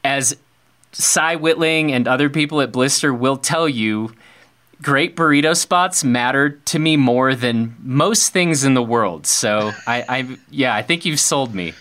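A man's voice: medium pitch, unhurried, fairly bright tone. A man hosting a gear podcast, interviewing a guest in friendly, joking banter and wrapping up the episode. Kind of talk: casual interview conversation.

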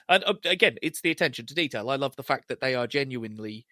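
Male co-host, bright tense tone, enthusiastic recap, dry mic. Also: animated, very fast, few pauses, no room sound. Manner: enthusiastic, quotes scenes in high put-on voices. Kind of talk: casual chat recapping a TV episode.

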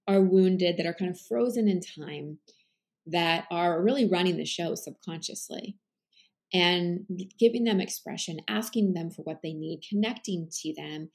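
Earnest woman coach with a gravelly edge. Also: lowish voice, darkish tone. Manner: earnest, explanatory, with frequent fillers. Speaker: life coach, podcast guest. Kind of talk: conversational interview.

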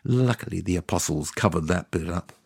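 A sardonic, offhand God narrating. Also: male voice, low voice, lively intonation, fairly quick, creaky, a little mellow, slightly rough, dry recording, studio quality, exaggerated voice. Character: God as a sardonic, boastful narrator, ageless man. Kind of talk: scripted comedic narration.

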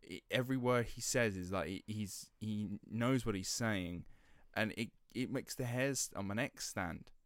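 A man's voice: lowish voice, measured pace, hardly any pauses, no room sound. A man co-hosting a podcast, chatting casually and often searching for the right word. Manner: hesitant, searches for words. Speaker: podcast co-host.

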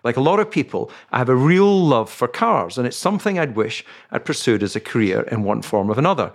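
A male podcast co-host talks in a wry, teasing manner and reads out listener questions with relaxed timing. His voice sits at an ordinary middle pitch for a man. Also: fairly quick, gravelly. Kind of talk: casual chat.

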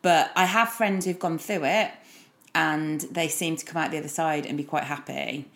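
Woman, late thirties, low deep voice, chatty, self-mocking podcast talk. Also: steady tone, normal speed, fairly bright tone. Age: late 30s. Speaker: podcast co-host, mother, former teacher. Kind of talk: casual chat.

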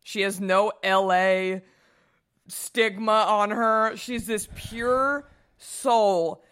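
A woman's voice: mid-range voice, clean tone. Gushing, enthusiastic woman co-host. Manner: enthusiastic, gushing, talks fast when excited. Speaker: podcast co-host. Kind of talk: casual chat.

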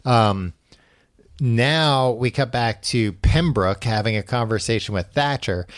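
A man's voice: mid-range voice, slow, no room sound, studio quality. A man hosting a podcast, recapping a book in casual chat with a wry storytelling manner. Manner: wry, storytelling with acted quotes. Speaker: podcast host.

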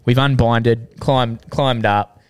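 Australian bloke in his twenties, podcast co-host, mid-pitched, spins animated yarns full of swearing. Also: takes it slowly, smooth. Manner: swears freely, animated anecdotes with acted quotes. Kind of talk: casual storytelling chat.

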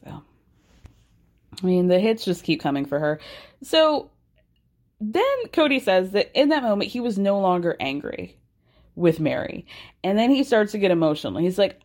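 A young adult woman hosting a casual, gossipy TV recap, sassy and animated, with sarcastic asides. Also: medium pitch, normal speed, long pauses. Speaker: recap podcast host.

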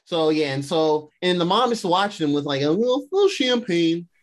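A man's voice: a little high, big pitch swings, fairly quick. A young man hosting a podcast, casually recapping a show in rambling slang. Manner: slangy, rambling, laughs often. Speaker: podcast host.

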